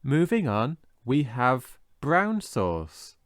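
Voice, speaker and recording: A man teaching English vocabulary in a scripted lesson, slowly and carefully modelling how each word is pronounced. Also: medium pitch, sing-song, dry recording, clean studio sound. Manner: slow, careful modelling of pronunciation.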